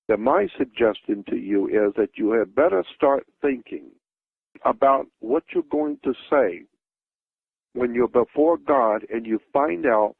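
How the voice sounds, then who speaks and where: Gravelly man on a tinny radio line. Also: mid-range voice, dry recording. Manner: insistent, sweeping claims. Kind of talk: radio talk show conversation.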